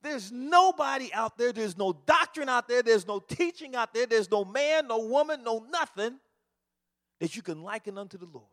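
Preacher doing a high, shouting street man calling out to strangers, echoey hall. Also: animated, normal speed. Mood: urgent. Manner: loud, insistent shouting. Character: man shouting on a city street about the Lord.

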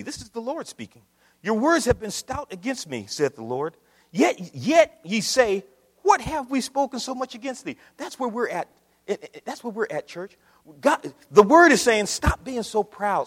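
A man preaching a sermon to his church, swinging from quiet, low passages up to loud, shouted ones. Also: breathy edge. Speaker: pastor. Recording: long hall reverb.

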